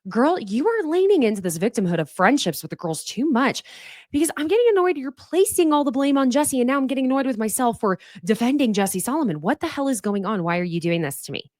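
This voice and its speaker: A woman hosting a reality TV recap podcast, giving animated, sassy commentary with big jumps in pitch. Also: fast talker, no room sound, studio quality. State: sniffly from allergies. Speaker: podcast host.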